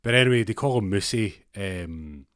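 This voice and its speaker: A Scottish man telling a long, meandering comic story, wandering down side roads and laughing at his own tangents. His voice sits low and the sound is dry, with no room echo. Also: expressive, moderate pace, fairly bright tone. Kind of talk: casual anecdote.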